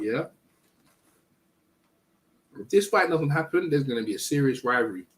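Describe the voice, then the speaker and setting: A man's voice: medium pitch, lively intonation, moderate pace. A man hosting a casual live boxing stream, chatting in slang and eating while he talks. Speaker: boxing channel host.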